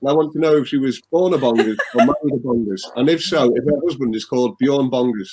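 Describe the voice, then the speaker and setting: A man's voice: medium pitch, quick pace, a little mellow, slight background noise, low-quality recording. A man playing a board game over a video call, rambling whimsically with many "uh" fillers and chuckles. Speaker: game player. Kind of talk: casual banter on a streamed game.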